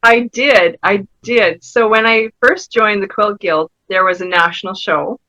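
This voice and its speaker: A woman's voice: medium pitch, measured pace, sharp tone, no room sound, lo-fi sound. Woman artist chatting away in an interview, laughs a lot, keen and talky, dry close sound, mid voice. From Saskatchewan, Canada. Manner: enthusiastic, laughs often, chatty storytelling with restarts. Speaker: fibre artist and pastelist, interview guest. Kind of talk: casual interview.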